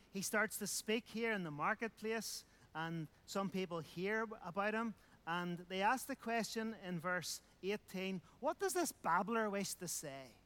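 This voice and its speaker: Guy preaching a sermon, kinda high voice, keeps repeating himself for emphasis. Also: fairly bright tone. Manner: emphatic, repeats phrases, rhetorical questions.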